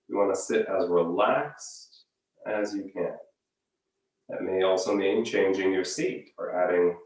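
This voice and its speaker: A man leading a guided breathing exercise as a yoga teacher, giving calm, unhurried step-by-step cues. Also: on the low side. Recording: very echoey room, voice from far off.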